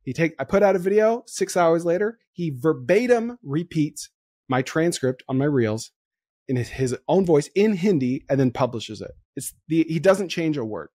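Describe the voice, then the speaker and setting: A man hosting a podcast in casual chat, excitable and quick to laugh as he riffs on ideas. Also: fairly high pitch, no room sound, studio quality. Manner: excitable, laughs easily, rapid riffing. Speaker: podcast host.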